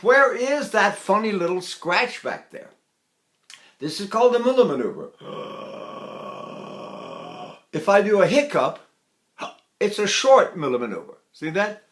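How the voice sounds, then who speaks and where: An older man leads a singing lesson, talking in a slightly high voice. He is enthusiastic and demonstrative, stopping often to sing short staccato vowels and show gasping breaths. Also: sing-song, moderate pace, fairly bright tone. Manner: enthusiastic, demonstrative, breaks into sung vowels and gasps. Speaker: voice teacher. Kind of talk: vocal lesson with sung demonstrations.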